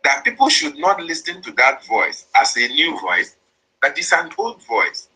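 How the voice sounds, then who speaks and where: A man's voice: fairly high pitch, huge pitch swings, a little slow, bright, forceful tone, breathy edge, rough recording. A man with a Nigerian accent giving an impassioned political monologue, repeating and stressing his points as he denounces opponents. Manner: repetitive, emphatic, denouncing opponents. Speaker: speaker on a political online broadcast.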